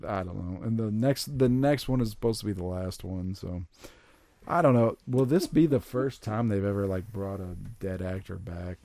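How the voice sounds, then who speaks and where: A man's voice: lowish voice, normal speed, warm tone, no room sound. A man co-hosting a casual podcast with friends, joking around and laughing often. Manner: playful, laughing, jokey asides. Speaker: podcast co-host. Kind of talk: casual chat. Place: home studio with friends. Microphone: podcast mic on a stand.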